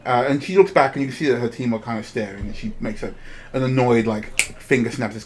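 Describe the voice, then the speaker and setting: A male game master narrating a tabletop game in a relaxed, chatty way. He scatters fillers through his sentences and laughs often, his voice sitting at a middling pitch. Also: quick pace, background noise.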